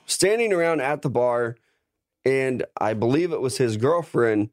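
A man co-hosting a podcast, swapping stories with an easy, swearing, laid-back manner. His voice sits at an ordinary middle pitch. It sounds dry and close, with no room echo. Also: animated, unhurried. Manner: swearing, storytelling banter. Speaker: podcast co-host. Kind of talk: casual chat.

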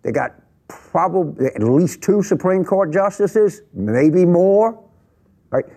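A man in a heated studio panel discussion, his fairly high voice leaping around as he drives his argument home. He repeats himself for emphasis and pushes louder when challenged. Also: lively intonation, slow. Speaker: panel guest.

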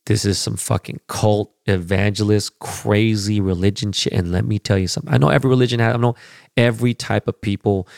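Dude ranting on his podcast, low gravelly voice, swears a lot, dry close sound. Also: fairly even intonation, brisk, a little mellow, dry recording. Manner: profane, rambling, blunt opinions. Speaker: podcast host. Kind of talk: casual chat.

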